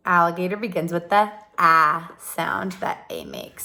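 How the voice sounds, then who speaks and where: A woman teaching a pre-K phonics lesson, gently sounding out letters and words with exaggerated repetition. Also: fairly low pitch, a little slow, vocal fry, few pauses, echoey room. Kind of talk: slow early-childhood phonics lesson.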